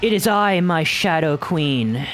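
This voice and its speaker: A man's voice: animated, takes it slowly, fairly bright tone, soft background music. A man voicing a scheming male villain who fawns theatrically over his queen. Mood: gloating. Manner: theatrical, fawning, pitched up.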